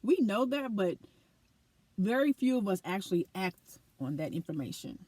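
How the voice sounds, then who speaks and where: A woman's voice: medium pitch, big pitch swings, moderate pace, mellow, no echo. A woman talking earnestly and animatedly to her camera in a personal vlog, reflecting on her life. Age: adult with a school-age daughter. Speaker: vlogger.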